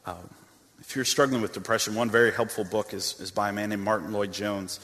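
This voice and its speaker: A man with a fairly low voice preaches a sermon, earnest and measured, reading scripture aloud and often restarting his phrases. His voice rings with a long reverb that fills the hall around him. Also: fairly even intonation, fairly bright tone. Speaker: pastor. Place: church sanctuary with a stage.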